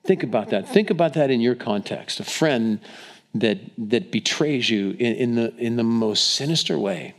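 With lively intonation, a medium pitch and a moderate pace, a man delivers a sermon by retelling scripture as a story. He voices the quotes dramatically yet keeps stumbling over restarts and repetitions.

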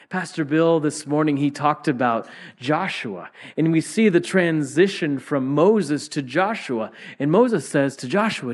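Preaching man, fairly high voice. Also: expressive, measured pace. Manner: swings from loud exclamations to hushed whispers. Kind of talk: sermon.

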